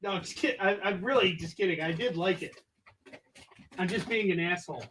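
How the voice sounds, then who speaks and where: A man with a fairly high voice chats casually on a livestream Q&A. He jokes and stays animated while he counts stock aloud between remarks. A faint hiss sits under his voice. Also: fairly quick. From United States. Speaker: comics creator hosting a livestream Q&A.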